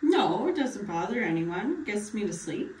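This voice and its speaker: A woman's voice: mid-range voice, big pitch swings, normal speed, darkish tone, slight background noise, lightly acted. A woman playing a tired retired patient, echoey. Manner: short plain answers. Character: retired older male patient with a bad cough. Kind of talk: mock doctor-patient role-play. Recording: echoey room, far from mic, faint ambience.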